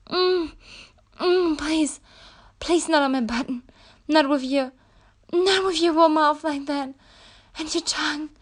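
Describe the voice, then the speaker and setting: A woman voicing a proud, defiant young captive princess in an adult audio role-play, breathy and gasping as she pleads. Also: high-pitched, fairly bright tone, heavily acted.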